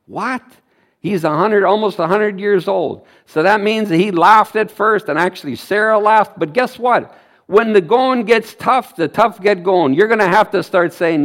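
A man's voice: high voice, measured pace, fairly bright tone. A man preaching a sermon, quoting scripture with energy and emphasis.

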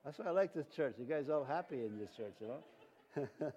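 A man with a high, light voice preaches a loose, conversational sermon in a church. He rambles, restarts his sentences and chuckles at his own jokes. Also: animated, normal speed, dull audio, noisy background. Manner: rambling, self-interrupting, chuckling often. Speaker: pastor. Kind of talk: informal sermon.

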